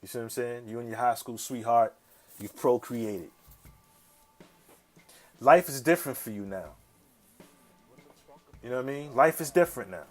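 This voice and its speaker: A man's voice: mid-range voice, moderate pace, long pauses, faint music behind. Slangy man telling a story. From south side of Chicago, USA. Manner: slangy, profane, checks in with listeners. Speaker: podcast host. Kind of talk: casual storytelling monologue.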